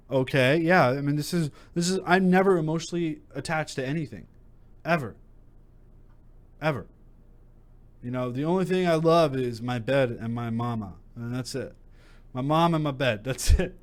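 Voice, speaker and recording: A man's voice: a little high, expressive, moderate pace. Young male host, casual and blunt, lots of fillers and restarts. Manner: chatty, frank, full of fillers and restarts. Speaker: crypto channel host. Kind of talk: casual vlog commentary.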